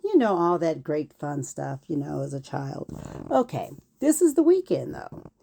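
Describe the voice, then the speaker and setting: A woman in her fifties telling a personal childhood story in an animated way, acting out what people said. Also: deep voice, a little slow, vocal fry, slight background noise. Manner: animated, acts out quotes.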